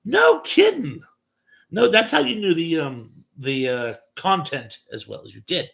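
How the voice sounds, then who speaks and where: A man's voice: on the high side, very animated, moderate pace, gravelly, a bit bright. A man hosting a late-night livestream chat, reading viewer comments aloud and chuckling at them between replies.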